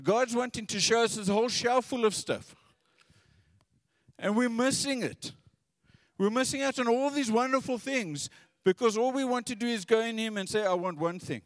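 A man's voice: very high-pitched, moderate pace, no echo, studio quality, long reverb tail. A man preaching a sermon in an earnest, conversational way, often repeating his words.

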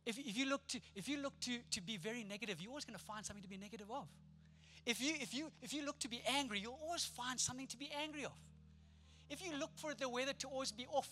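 A man preaching a sermon, animated and playful, acting out the people in his story. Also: very high voice. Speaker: pastor.

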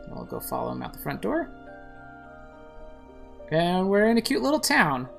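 A woman's voice: fairly low pitch, sing-song, normal speed, vocal fry, over music. A woman narrating a video game playthrough in a casual way, describing the screen with fillers. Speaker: game streamer. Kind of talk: casual let's-play narration.

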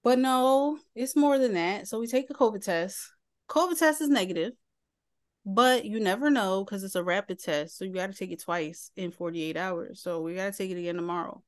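A woman in her late thirties with a Philadelphia accent, co-hosting a casual podcast and telling stories in an animated way, often laughing. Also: mid-range voice, moderate pace. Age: 30s. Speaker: podcast co-host. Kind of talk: casual chat.

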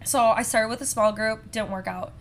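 A woman's voice: fairly high pitch, fairly even intonation, normal speed, a little hiss or hum. A young woman hosting a faith podcast, telling her story in a chatty way with lots of "like" and acted-out quotes. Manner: chatty, many "like"s, acts out quoted voices. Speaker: podcast host.

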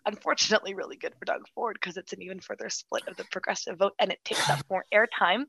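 A woman co-hosting a casual political chat, animated and quick, full of restarts and "like". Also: mid-range voice, gravelly, a little hiss or hum, rough recording. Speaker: political commentator, co-host.

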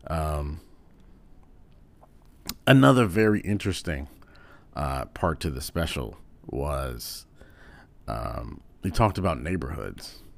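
A man giving a casual commentary, rambling a little and filling pauses with "um". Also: extremely low pitch, lively intonation, vocal fry. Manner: rambling, with frequent "um"s.

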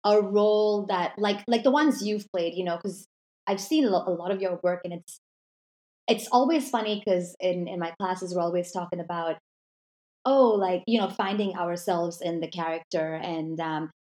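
A woman's voice: on the low side, moderate pace, darkish tone. A woman hosting a podcast interview, chatting casually and asking long, rambling questions. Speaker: podcast host.

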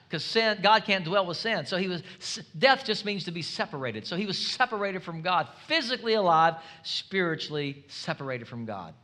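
A man preaching a sermon as pastor, energetic and humorous, building up to shouts. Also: high voice.

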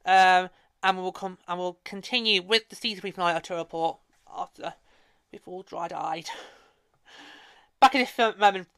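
A woman's voice: lowish voice, normal speed, pauses often, fairly bright tone, a little hiss or hum. A woman hosting a hockey podcast, talking casually and emotionally, rambling with frequent restarts. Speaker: podcast host.

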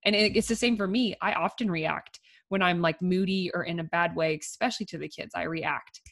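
Chatty young mom, low voice. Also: female voice, brisk, gravelly, fairly bright tone. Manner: chatty, says "like" often, laughs easily. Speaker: podcast co-host. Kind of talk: casual chat.

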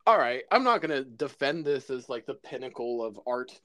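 A man's voice: mid-range voice, expressive, normal speed, fairly bright tone, no room sound. A man co-hosting a podcast, chatting casually, laughing often and swearing freely. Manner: laughing, swearing, loose storytelling. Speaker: podcast co-host. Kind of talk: casual chat.

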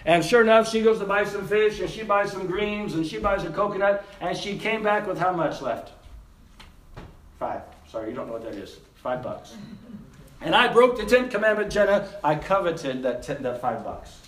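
Male missionary preacher, animated storyteller, echoey hall, distant mic. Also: high voice, normal speed. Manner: animated storyteller, acts out voices and laughs. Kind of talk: sermon illustration with audience participation. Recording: echoey room, speaker away from mic.

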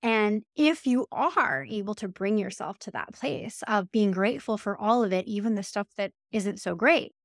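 A woman hosting a casual podcast conversation, talking through ideas in a reflective, thoughtful way. Her voice sits at an ordinary middle pitch and is recorded close and dry, with no room echo. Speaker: podcast host.

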